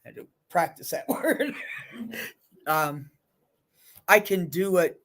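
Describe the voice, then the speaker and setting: A woman leading a group session on stress, talking frankly and in a lively way, with blunt asides. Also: lowish voice, slow. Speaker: group facilitator.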